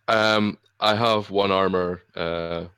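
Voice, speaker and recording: A man playing in a tabletop game, describing the scene slowly and vividly. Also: sits low, steady tone, pushed and bright, clear, resonant tone, dry recording. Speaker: player.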